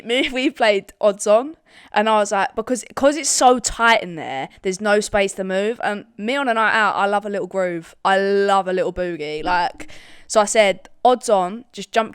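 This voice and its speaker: A young woman with a Scottish accent chats casually on a podcast, swearing freely and laughing often. Her voice is smooth and clear, recorded close and dry with no room sound. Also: mid-range voice, moderate pace, dry recording. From Scotland. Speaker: podcast co-host. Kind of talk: casual chat.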